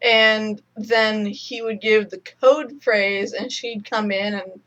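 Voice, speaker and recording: A woman's voice: mid-range voice, steady tone, slow, fairly bright tone, muffled recording. A woman co-hosting a casual review chat, explaining at length with lots of fillers. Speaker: podcast co-host.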